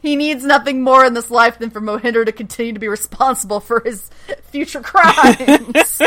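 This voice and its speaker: A woman's voice: a little high, quick pace. A woman casually recapping a TV episode, animatedly acting out the characters' lines and laughing often. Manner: animated retelling with quoted dialogue and frequent laughs. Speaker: podcast co-host recapping a TV episode. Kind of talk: casual chat.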